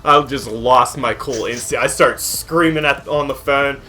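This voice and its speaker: A young man co-hosting a podcast, telling a work story in a casual, animated way, laughing often, swearing, and acting out both sides of an argument. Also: medium pitch, unhurried. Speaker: podcast co-host. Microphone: podcast microphone.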